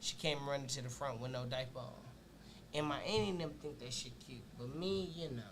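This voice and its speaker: A man's voice: medium pitch, a little fast, background noise. A man co-hosting a casual podcast, telling stories in a loose, profane way, often restarting his phrases. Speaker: podcast co-host. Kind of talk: casual storytelling chat. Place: radio or podcast studio.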